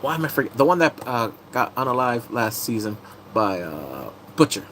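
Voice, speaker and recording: An animated male streamer talks loosely to his chat, his pitch bouncing up and down as he reacts. He mutters little asides while scrolling through news, with a faint hum of background noise. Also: moderate pace, rough recording. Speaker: live streamer. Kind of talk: casual live-stream commentary.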